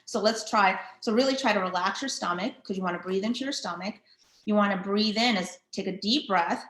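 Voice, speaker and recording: A chatty woman physical therapist leads a guided breathing exercise. She talks casually and leans on filler words as she explains. Her voice sits at an ordinary pitch in a roomy, echoing space. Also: fairly quick, fairly bright tone. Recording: roomy echo.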